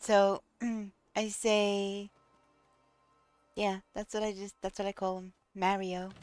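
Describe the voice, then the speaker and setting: Giggly slow-talking New woman streamer. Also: medium pitch, flat delivery, darkish tone, smooth, dry recording, soft background music. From New York. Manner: giggly, laughs often between short remarks. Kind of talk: casual live-stream chat.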